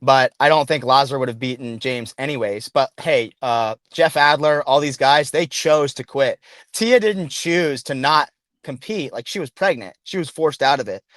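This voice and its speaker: A man's voice: mid-range voice, normal speed, fairly bright tone, dry recording. A stressed man calling in to a podcast, talking casually in long, loose sentences full of fillers. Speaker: caller.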